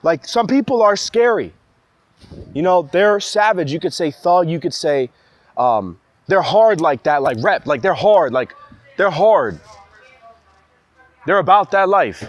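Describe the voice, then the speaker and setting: A man's voice: high-pitched, lively intonation, a little slow, pauses often. A young man in a heated, rambling monologue, speaking in an agitated way full of restarts. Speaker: vlogger ranting to camera.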